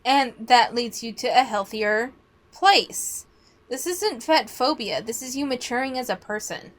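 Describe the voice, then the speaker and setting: A woman with a fairly high, bright-sitting voice, worn slightly hoarse, talks straight at her listeners. She argues bluntly and swears without hesitation, pushing back on what she has just heard. Her tone is casual reaction commentary, not a polished script. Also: expressive, unhurried. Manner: blunt, argumentative, swears freely. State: voice starting to go hoarse.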